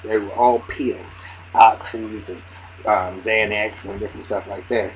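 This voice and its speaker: A man's voice: lowish voice, measured pace. A man giving a casual, profane recap of a TV episode, acting out the characters' lines with lots of restarts. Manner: excitable, acts out character lines, heavy cursing, many restarts. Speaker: TV recap reviewer. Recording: dull lo-fi audio with faint hiss.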